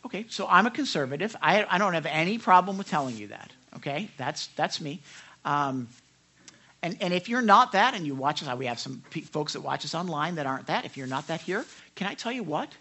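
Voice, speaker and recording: Man, pastor, conversational sermon, lively swooping pitch, fervent, talks straight to the congregation. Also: fairly quick, breathy edge. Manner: animated, talks straight to listeners with frequent "right?" asides; fervent, earnest preaching with repeated words.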